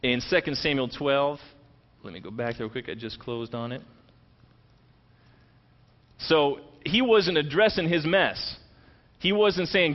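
A pastor with a fairly high voice preaches at a moderate pace in lo-fi sound. He retells a scripture story in animated, conversational language and acts out the quoted lines.

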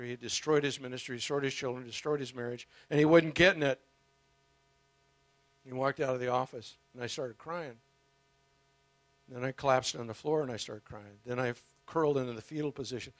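A man preaching a sermon, telling a story with passion and emphatic swings in loudness. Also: mid-range voice, steady tone, fairly quick, no echo.

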